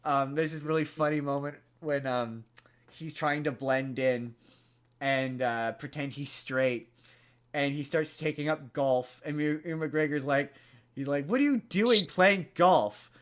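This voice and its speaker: A man's voice: medium pitch, level tone, unhurried, clean tone. A man hosting a podcast, casually retelling a movie plot in a rambling way, with lots of fillers and restarts. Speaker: podcast host.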